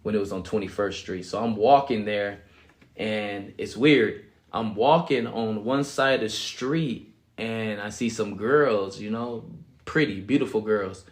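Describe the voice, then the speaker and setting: A man's voice: fairly low pitch, unhurried. A young man casually telling his life story as a guest, acting out quotes and laughing often. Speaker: guest sharing his testimony.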